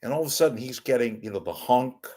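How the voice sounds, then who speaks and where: Animated, rambling male talk host. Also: mid-range voice, fast talker. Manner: animated, wisecracking, swings loud and quiet. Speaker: host of a live online talk show. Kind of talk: rambling solo commentary.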